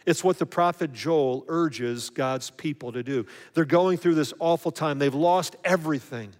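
Male pastor, conversational sermon, slightly high voice, long hall reverb. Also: normal speed, hardly any pauses, a little mellow. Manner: conversational, acts out voices of others.

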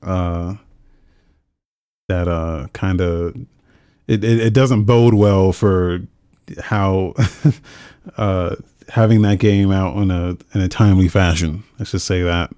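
A laid-back man co-hosting a gaming chat, often hesitating before he makes his point. His voice is lowish, smooth and resonant. The sound is dry and close. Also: steady tone, slow pace, pauses often, mellow, no echo. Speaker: podcast co-host reading viewer questions.

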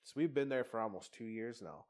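A man's voice: mid-range voice, a little fast, darkish tone. Candid, swearing man telling a story. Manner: rambling, profane, candid. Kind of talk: casual personal storytelling.

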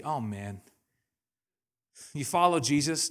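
A man's voice: a little high, very animated, moderate pace. A young adult man from Canada preaching a sermon, telling stories animatedly with laughter and acted-out quotes. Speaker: pastor. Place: church hall.

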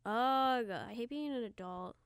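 A woman's voice: on the high side, a little slow, smooth, no echo, clean studio sound. A young woman co-hosting a casual podcast, chatty and rambling, with plenty of slang. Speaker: podcast co-host. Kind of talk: casual chat.

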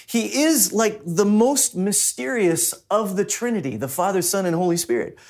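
A man's voice: sits high, lively intonation, normal speed, darkish tone. A man preaching a sermon as a pastor, in a conversational way that mixes personal stories with teaching.

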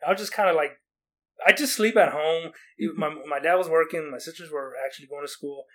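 Words tumbling out quickly in a slightly high voice, a young Oregon man rambles through a story in casual chat. He keeps restarting, fills in with "like," and performs what people said.

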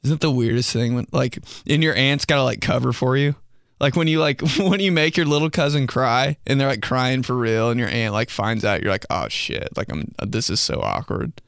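A young man hosts a casual podcast on his own, with a smooth, resonant voice sitting at a middle pitch. He talks loose and slangy, jokes, and laughs easily. The sound is close and dry. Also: a bit bright, dry recording. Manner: loose and joking, slangy, quick laughs, acts out quotes. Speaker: podcast host. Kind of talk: casual solo podcast talk.

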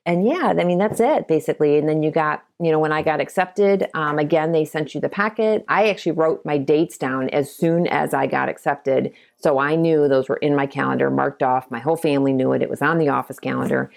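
Low-voiced middle-aged realtor lady from ohio, chatty, tells stories. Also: brisk, gravelly, few pauses. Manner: chatty storytelling, acts out quotes. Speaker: guest realtor and broker. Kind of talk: conversational interview.

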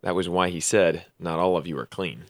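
A man co-hosting a podcast who reads scripture passages aloud in a plain, steady way. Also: deep voice, brisk, dry recording, clean studio sound. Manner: plain, steady reading with brief replies. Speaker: podcast co-host reading scripture.

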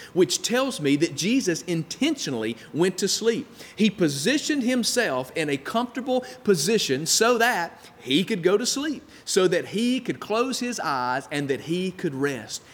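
A man preaching a sermon with dramatic delivery, acting out the voices of doubters and of God. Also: on the high side. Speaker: pastor. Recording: long hall reverb.

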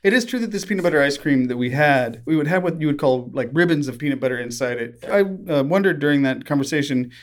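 A man casually co-hosting a podcast, measured and skeptical with a dry manner. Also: on the high side, lively intonation. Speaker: podcast co-host. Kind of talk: casual chat.

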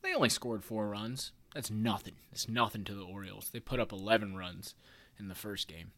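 A man's voice: fairly low pitch, normal speed, fairly bright tone. A man hosting a casual sports podcast, talking in a playful, jokey way and hyped about his team. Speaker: podcast host.

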